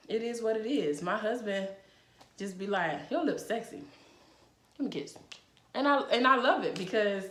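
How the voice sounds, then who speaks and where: A woman's voice: lowish voice, a bit bright. Blunt, chatty woman vlogger in an echoey room. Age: adult. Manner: blunt, frank and profane; chatty and emphatic. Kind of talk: casual advice vlog.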